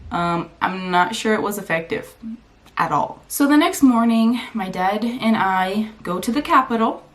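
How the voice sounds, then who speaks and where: A young woman vlogger telling a personal story at home, animated, acting out what people said with big jumps in her voice. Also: mid-range voice, a little slow. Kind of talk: storytime vlog. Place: home room. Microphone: camera mic.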